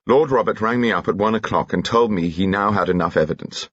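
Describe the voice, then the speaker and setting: A man voicing a calm, methodical male police inspector in an audiobook, quiet and matter-of-fact. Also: on the low side, brisk, slightly rough, muffled recording.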